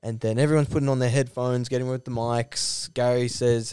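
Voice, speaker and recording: A man's voice: medium pitch, little pitch movement, brisk, a little mellow, clean tone, no echo. Brief: male podcaster, rambling storyteller, dry close sound. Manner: rambling, filler-heavy. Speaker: podcast co-host. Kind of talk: casual chat, comic storytelling.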